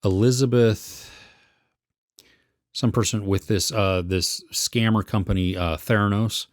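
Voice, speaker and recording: Rambling low-voiced man. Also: unhurried, dry recording, studio quality. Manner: rambling, searching for words. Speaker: podcast co-host. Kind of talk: casual film review chat.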